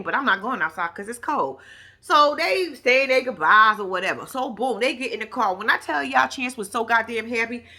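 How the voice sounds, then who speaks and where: Woman telling a wild story, high bright voice that jumps all over, cussing and doing everybody's lines. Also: breathy edge. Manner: animated, profane, acts out others' lines. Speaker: storyteller recounting a reality-show shoot. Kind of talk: casual storytelling vlog.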